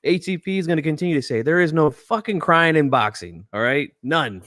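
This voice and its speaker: A man's voice: fairly high pitch, lively intonation, fairly quick, fairly bright tone, dry recording, studio quality. A man hosting a casual boxing talk show, blunt and opinionated, lecturing his viewers. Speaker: boxing channel host. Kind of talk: casual podcast chat.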